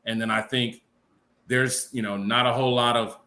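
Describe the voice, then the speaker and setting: A man's voice: mid-range voice, steady tone, normal speed, pushed and bright. A man co-hosting a boxing live stream, giving thoughtful analysis in long, filler-laden stretches. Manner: thoughtful, talks in long qualified runs with many fillers. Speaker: panel co-host.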